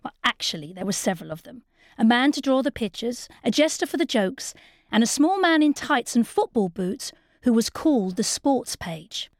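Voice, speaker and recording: A woman narrating a children's story in a lively, expressive way. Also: fairly high pitch, moderate pace, dry recording, studio quality.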